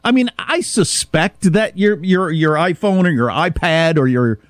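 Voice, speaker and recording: A middle-aged Kansas man hosts a casual talk radio show, telling a story at a measured pace in a recording with no echo. He's an animated storyteller who acts out dialogue, his pitch rising when he gets worked up.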